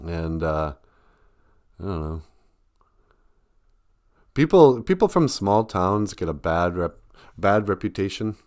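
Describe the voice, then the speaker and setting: A man with a fairly low voice hosts a casual live stream and jokes around as he talks. His delivery is rambling and self-deprecating, and laughter comes up often. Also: lively intonation, slow, long pauses, darkish tone. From Ojibwe community. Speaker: comedian and live stream host.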